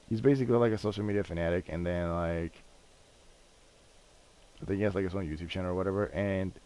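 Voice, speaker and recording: A man chatting casually on a gaming stream, telling a rambling, excitable story and swearing often. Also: on the low side.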